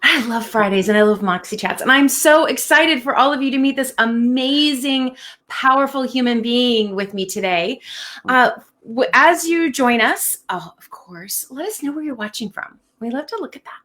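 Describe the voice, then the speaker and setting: A woman's voice: sits high, expressive, moderate pace, fairly bright tone. A woman hosting a live-streamed interview chat, bubbly and effusive, laughing often. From United States. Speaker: host.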